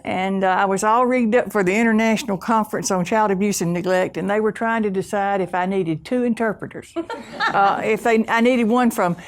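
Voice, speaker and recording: A woman with a deep Southern US accent, giving a humorous, folksy keynote talk full of self-deprecating stories and drawn-out vowels. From Southern US (Alabama, Mississippi). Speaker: keynote speaker.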